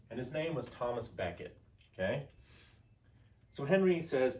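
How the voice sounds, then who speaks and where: A man's voice: mid-range voice, big pitch swings, measured pace, pauses often, darkish tone, a little hiss or hum. A man giving a casual history lecture, telling the story conversationally with many fillers and acting out quoted lines. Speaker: teacher.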